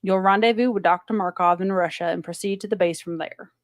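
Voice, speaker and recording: A woman reading a stern male general running a briefing, in an even, everyday voice with a dry, close sound. It is a casual podcast read-through of a script, with no character voice put on. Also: medium pitch, brisk, dry recording, lightly acted. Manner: plain script read-through in her own voice.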